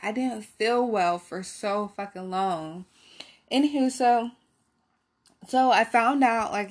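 High-voiced woman telling a candid story. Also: a little mellow. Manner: candid, profane, rambling with many fillers. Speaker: storyteller addressing viewers. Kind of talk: casual storytime chat.

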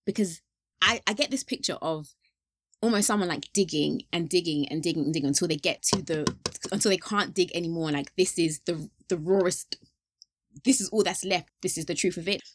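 A woman hosting a casual faith discussion podcast, animated and quick to laugh, acting out little quotes as she talks. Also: on the low side, dry recording. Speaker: podcast host.

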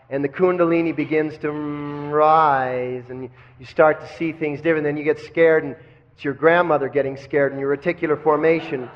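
A man's voice: on the high side, steady tone, normal speed. A man teaching kundalini yoga in a live lecture, asking the class questions and having them repeat phrases back. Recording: dull lo-fi recording.

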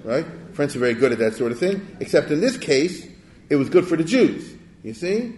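A man's voice: a little high, sing-song, normal speed, a little mellow. A man giving a lecture in a conversational, digressive way, often checking in with his audience with rhetorical questions. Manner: digressive, with restarts. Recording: echoey room.

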